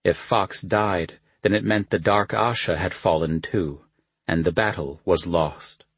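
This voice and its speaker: A man reading a novel aloud as an audiobook narrator, in a measured, even manner. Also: sits low, breathy edge, dry recording. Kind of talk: scripted narration.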